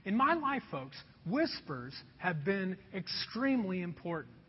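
A man preaching a sermon as pastor, telling stories with lively energy and dropping to a hush at times. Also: high-pitched, a little slow, breathy edge. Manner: animated storytelling, drops to a hush. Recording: dull sound with long hall reverb.

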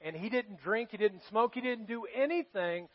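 A male pastor preaching a sermon in a church, telling stories earnestly and going quiet for serious moments. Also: high-pitched, moderate pace. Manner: earnest storytelling, drops soft for serious moments. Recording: dull lo-fi sermon recording.

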